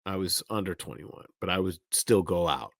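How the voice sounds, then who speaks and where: A man's voice: low-pitched, normal speed, vocal fry, no echo, clean studio sound. A man as a podcast guest, speaking hesitantly, searching for words and laughing easily. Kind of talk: casual chat.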